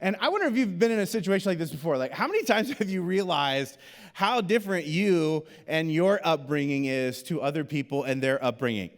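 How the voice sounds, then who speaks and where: Brief: male pastor, lively storyteller, slightly high voice, long reverb from the hall. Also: brisk. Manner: animated storyteller, acts out quoted voices. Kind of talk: sermon with personal storytelling. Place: church auditorium.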